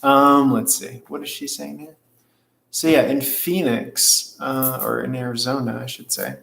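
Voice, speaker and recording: Slow-talking man in a roomy space. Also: medium pitch, steady tone, gravelly, a bit bright. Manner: rambling, profane, reads out chat comments. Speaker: tarot reader hosting a livestream. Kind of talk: casual livestream chat. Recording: roomy echo with faint ambience.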